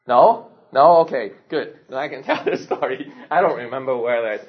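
A male pastor telling a story in a sermon, animated, laughing often and asking his listeners questions, in a dull lo-fi recording. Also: medium pitch, moderate pace.

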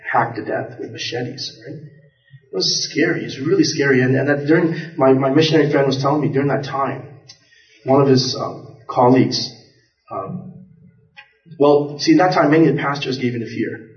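A man's voice: medium pitch, moderate pace. A man preaching a sermon as pastor, telling stories earnestly and often repeating and restarting his words. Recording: echoey, distant, dull church recording.

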